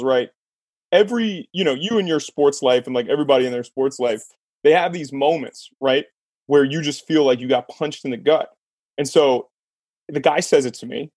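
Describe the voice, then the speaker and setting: A man hosting a podcast, telling a sports story in a lively casual way and laughing as he talks. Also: mid-range voice, no room sound. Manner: animated storyteller, laughs mid-sentence. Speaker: podcast host.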